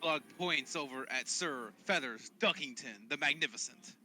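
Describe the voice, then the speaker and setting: A man playing a tabletop game, describing his character's actions in a rushed, self-correcting way. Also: medium pitch, sharp tone, soft background music. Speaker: player.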